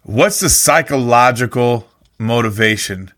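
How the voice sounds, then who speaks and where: Bright-voiced teasing male host. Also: medium pitch, measured pace. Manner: dry, teasing questioner. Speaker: podcast host. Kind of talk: casual chat.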